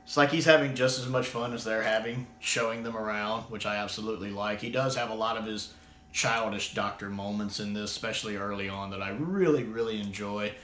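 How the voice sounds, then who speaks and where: A man's voice: fairly low pitch, fairly even intonation, fairly quick, a bit bright, a little hiss or hum. An American man giving a casual, rambling spoken review, often restarting his sentences. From United States. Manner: rambling, frequent restarts and fillers. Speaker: video reviewer. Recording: roomy echo.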